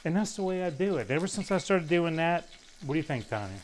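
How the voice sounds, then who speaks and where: A man working as a guest chef on a live cooking show, telling animated stories in a casual, chatty way. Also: fairly high pitch, fast talker, slight background noise. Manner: animated storyteller, acts out quoted voices. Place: live studio kitchen with audience.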